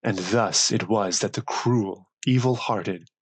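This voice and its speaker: Low husky guy narrating an audiobook, solemn and measured, dry close sound. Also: no room sound, low-quality recording. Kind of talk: scripted narration.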